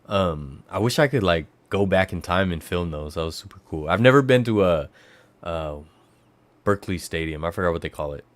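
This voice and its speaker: A low-pitched man from California talks loosely to his livestream viewers, wandering from one story to the next. His voice leaps up high when he gets excited. The sound is dry and close. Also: normal speed, no echo. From California Bay Area. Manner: rambling storyteller who jumps to high excited exclamations. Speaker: livestream host. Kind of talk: casual livestream chat.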